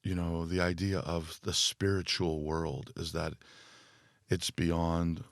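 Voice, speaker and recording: Deep gravelly-voiced male guest. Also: little pitch movement, slow pace, dry recording, studio quality. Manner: thoughtful, speaks in loose phrases with many fillers. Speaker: guest, musician and spiritual teacher. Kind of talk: reflective podcast conversation.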